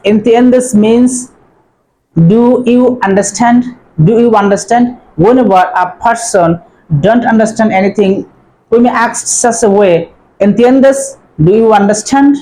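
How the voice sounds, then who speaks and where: Slow, careful woman teaching a lesson. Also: fairly high pitch, mellow, slight background noise, rough recording. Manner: repeats phrases slowly, drawing out words. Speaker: language teacher. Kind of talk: slow spoken language lesson.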